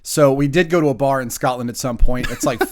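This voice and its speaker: A man's voice: mid-range voice, fast talker. A man who is a recurring podcast guest, chatting casually with a wry, joking manner and correcting details. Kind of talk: casual chat.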